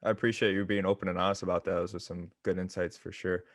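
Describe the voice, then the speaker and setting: A man co-hosting a podcast, thanking the guest and asking a follow-up question briskly. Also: low-pitched, flat delivery, no echo, clean studio sound. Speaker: podcast co-host. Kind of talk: casual interview questions.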